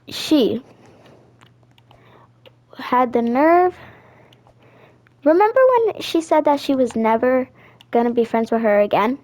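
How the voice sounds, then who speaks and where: A teenage girl telling a sassy, animated story while chatting over her gameplay. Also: a little high. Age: teens. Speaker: gaming vlogger.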